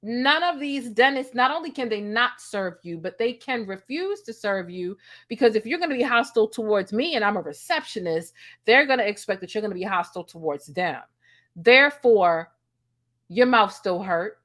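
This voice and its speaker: A woman's voice: mid-range voice, expressive, moderate pace, a bit bright. A woman in her thirties telling a story in a casual, sassy and profane way, acting out the dialogue. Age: 30s. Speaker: host.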